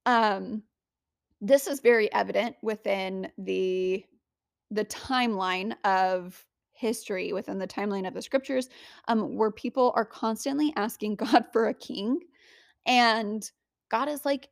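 A woman's voice: medium pitch, a little slow, vocal fry, no echo, studio quality. Earnest woman giving spiritual coaching. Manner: earnest, conversational, rhetorical questions. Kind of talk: motivational spiritual teaching.

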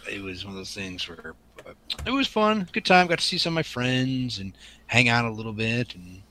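A man's voice: medium pitch, very animated, moderate pace, sharp tone, low-quality recording. A man from the Pacific Northwest, co-hosting a podcast in casual chat, rambling with ums and restarts. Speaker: podcast co-host.

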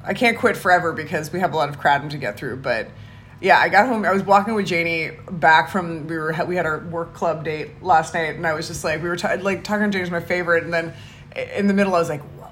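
A woman co-hosting a casual chat podcast with a lowish voice. She rambles, restarts her sentences and breaks into laughter, with faint noise in the background. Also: fairly bright tone. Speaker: podcast co-host.

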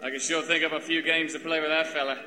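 A man's voice: a little high, little pitch movement, fast talker, bright, forceful tone, in a large hall. A man voicing a brash young New Zealand thrill-seeker with a laid-back, matey manner and a New Zealand accent. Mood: easygoing.

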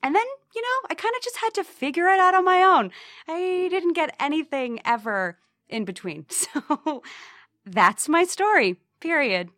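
A woman's voice: very high-pitched, expressive, normal speed, a bit bright, no echo. A young adult woman telling a personal story in a chatty, wry way, acting out the voices of others.

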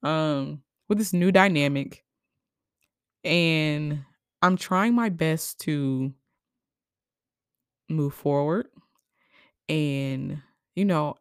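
Low-voiced woman, emotional podcast monologue. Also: creaky, dry recording, studio quality. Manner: emotional, halting, many fillers. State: crying at times. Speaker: podcast host. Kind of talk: personal reflective monologue.

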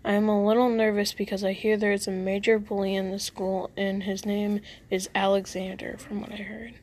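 A nervous teenage schoolboy in a read-aloud story, as a woman narrator puts him on. His earnest lines come in a mid-pitched voice, close to a plain reading. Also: flat delivery, a little fast, darkish tone, close to an everyday voice. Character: nervous teenage boy starting high school.

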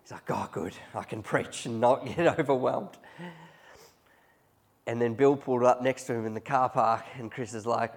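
Conversational New pastor, mid-pitched man. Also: steady tone, moderate pace. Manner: conversational, chuckling often. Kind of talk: sermon.

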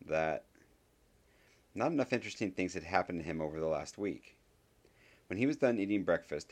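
A man reading a novel aloud as an audiobook narrator, in a measured, dry storytelling manner. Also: deep voice. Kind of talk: scripted narration.

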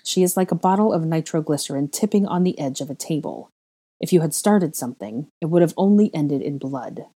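A woman's voice: lively intonation, a little fast, warm tone, husky. A woman reading as a stern, clipped male headmaster. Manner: clipped, terse, low intoning.

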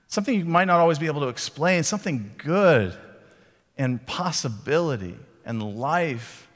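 A male pastor preaching in a relaxed, conversational way. He slips into short acted voices for the people in his retelling. His voice rings with the long reverb of a large hall. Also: fairly high pitch. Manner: conversational, acts out quoted lines. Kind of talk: sermon.

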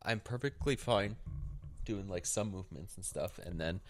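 A young Canadian man co-hosting a podcast, relaxed and a bit hesitant in casual chat. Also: low voice, moderate pace. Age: young adult. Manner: relaxed, hesitant, many fillers. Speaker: podcast co-host.

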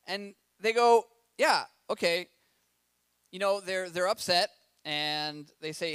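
A man with a high voice preaches a sermon, moving between reading scripture and chatty, animated asides. He asks his listeners questions as he goes. The sound is dry, with no room echo. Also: takes it slowly, smooth. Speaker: pastor.

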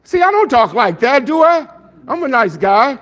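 A male pastor preaching a sermon in an animated way, asking rhetorical questions and answering them himself, with jokes and laughs between points. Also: extremely high pitch, moderate pace.

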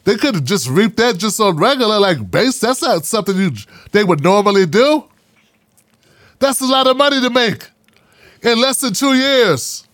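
A man's voice: high voice, animated, moderate pace, a bit bright, dry recording, clean studio sound. A man hosting a casual commentary monologue, talking in a sarcastic, mocking, slangy way. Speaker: political commentary host.

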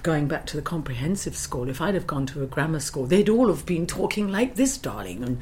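Slight background noise accompanies this woman's low, brisk voice. She's an actress from London, England, recounting stories animatedly in a casual interview and acting out the quoted lines.

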